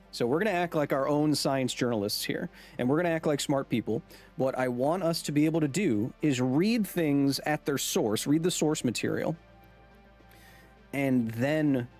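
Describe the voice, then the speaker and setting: A man's voice: medium pitch, darkish tone. A man hosting a science livestream, chatting casually and joking with his viewers. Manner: jokey, talks to chat, quick asides.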